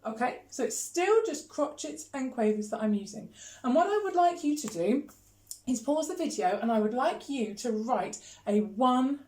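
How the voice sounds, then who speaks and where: A woman's voice: high-pitched, expressive, normal speed, a little mellow, slight background noise. A woman teaching a rhythm lesson on video, counting beats aloud and chanting rhythm syllables in an encouraging way. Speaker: music teacher. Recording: echoey room.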